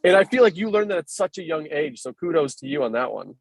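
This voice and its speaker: Male podcast host, relaxed conversational delivery with a higher-pitched voice, recorded dry and close. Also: gravelly, no echo. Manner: quick casual talker, fills with "like". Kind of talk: casual chat.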